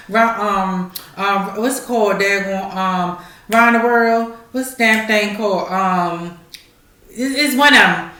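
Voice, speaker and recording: A woman hosting a casual gossip show, ranting and mocking in a loud, profane way. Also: a little high. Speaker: podcast host. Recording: echoey room.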